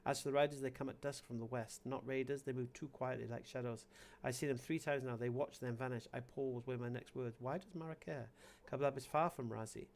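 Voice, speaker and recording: A man's voice: medium pitch, steady tone, a little hiss or hum, natural voice. A man reading out a wary village elder. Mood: guarded. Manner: measured, reading text aloud. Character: wary male village elder, measured and guarded.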